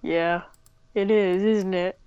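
A young woman in casual podcast chat, hesitant and teasing, with many fillers. She speaks slowly in a smooth, clear voice. The recording is dry and dull, like a cheap lo-fi mic. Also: mid-range voice, fairly even intonation, dark tone, no echo. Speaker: podcast co-host.

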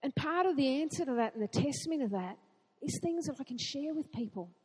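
A woman preaching a sermon in an earnest way, asking rhetorical questions and building to excited emphasis. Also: high voice, brisk, in a large hall.

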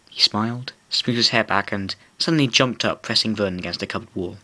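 A man's voice: lowish voice, a little fast, few pauses, bright, forceful tone. A man reading comic extracts from his own story aloud and closing with a podcast sign-off. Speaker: reader and podcast host.

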